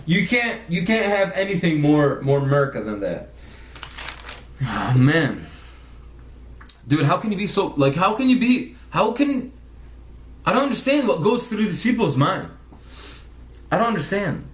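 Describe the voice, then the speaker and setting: A man's voice: high-pitched, very animated, unhurried, pauses often, reverberant. A man telling a rambling, profane story in casual vlog narration, laughing often. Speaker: vlogger narrating over a speed painting.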